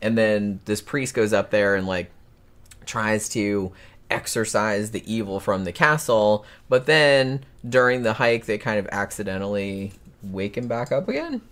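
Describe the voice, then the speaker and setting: A relaxed man with a lowish voice, recapping movie plots in easygoing, filler-heavy chat. He swears casually and keeps things loose. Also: measured pace. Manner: laid-back, filler-heavy, profane. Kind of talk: casual conversation about films.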